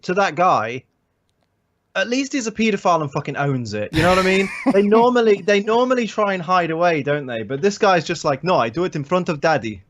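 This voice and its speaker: A man's voice: high voice, sing-song, a little fast, fairly bright tone, a little hiss or hum. A middle-aged man co-hosting a casual podcast, sardonic and profane. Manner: sardonic, swears, mock voices. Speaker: podcast co-host.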